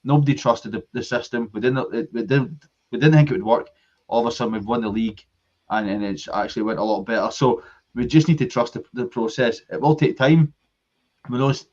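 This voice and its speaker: A Scottish man in full flow on a fan podcast, pressing his case with passion and barely pausing. His voice sits at an ordinary middle pitch. The sound is dull and lo-fi, like an online call. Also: steady tone, a little mellow. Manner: passionate, talks in long runs of argument. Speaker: podcast co-host. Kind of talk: casual football fan chat.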